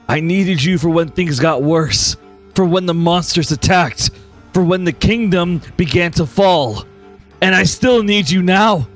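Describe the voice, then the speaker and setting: A man's voice: on the high side, pitched above the performer's own voice. A man voicing a centuries-old male mentor who loved his student like a daughter, pleading and stern in broken phrases.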